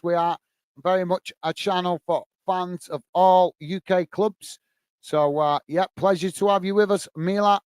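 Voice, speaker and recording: A man with a high, clear, resonant voice hosts a live football watch-along, calling the play and chatting with viewers, whom he calls mate. There is no room sound in the recording.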